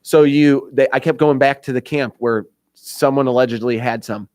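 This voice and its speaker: A man with an Indiana accent tells a rambling story in casual talk-radio style. He jumps into other people's voices and laughs along the way. His voice sits at a middle pitch and sounds close and dry. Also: moderate pace, dry recording. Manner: animated storyteller, acts out voices, laughs often. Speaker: radio show host.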